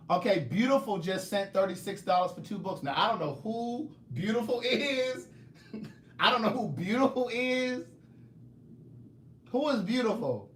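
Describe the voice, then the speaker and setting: A man's voice: high voice, measured pace, echoey room, a little hiss or hum. A man author chatting casually on a live stream, telling stories and teasing his viewers. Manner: animated storytelling, joking, teasing viewers.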